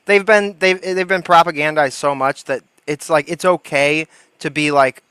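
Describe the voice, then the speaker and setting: A man's voice: a little high, steady tone, moderate pace, a bit bright, clean tone, no room sound. A young man hosting a livestream, chatting casually with lots of laughter and swearing, then reading a story aloud. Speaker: livestream host.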